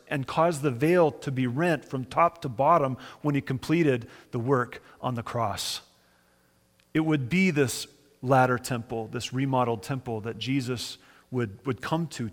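Man preaching in a reverberant hall. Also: medium pitch. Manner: enthusiastic, conversational Bible teaching with dramatic quoted voices. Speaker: pastor. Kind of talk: sermon.

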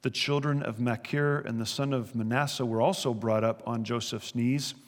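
A man's voice: mid-range voice, fairly even intonation, normal speed. A man preaching a sermon in an earnest, conversational way, asking his listeners questions as he goes. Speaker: pastor. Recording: long hall reverb.

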